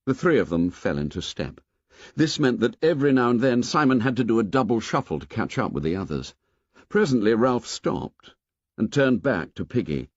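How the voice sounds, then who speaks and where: A man narrating an audiobook in a lively, expressive storytelling manner. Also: medium pitch, moderate pace, dry recording, highs cut off. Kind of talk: scripted narration.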